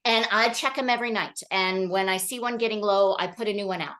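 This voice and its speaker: A woman giving a training talk to an audience, telling stories in an animated way and often checking in with "okay?" and "right?". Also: mid-range voice, a little fast. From Colorado.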